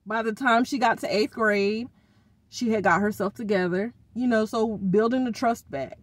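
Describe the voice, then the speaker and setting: On her vlog, a middle-aged woman rants casually about her kids, exasperated and expressive and full of informal slang. Her voice is a little high, her pace moderate, and the recording is dry.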